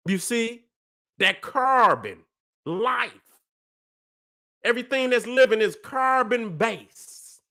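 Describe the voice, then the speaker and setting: A man's voice: extremely high pitch, fairly bright tone. A man hosting a livestream, lecturing in a preachy way, profane and emphatic, always checking that listeners follow him. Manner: profane, emphatic, constantly asks "you see what I'm saying". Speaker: livestream host.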